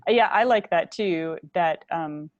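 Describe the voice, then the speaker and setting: A woman with a fairly low voice chats on a video call in a relaxed way, using fillers as she talks. The sound is dry, with no room echo. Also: measured pace, muffled recording. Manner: conversational, with fillers. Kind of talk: casual video-call discussion.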